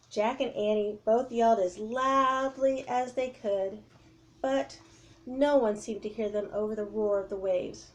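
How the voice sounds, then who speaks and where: A woman reads a children's chapter book aloud. Her voice sits a bit high and she tells the story in an expressive, lively way. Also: a little slow.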